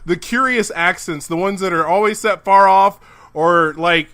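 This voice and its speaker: A man's voice: sits high, moderate pace, creaky, fairly bright tone, smooth. A man co-hosting a casual podcast chat, making wry joking asides. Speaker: podcast co-host. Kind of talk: casual chat over a phone call.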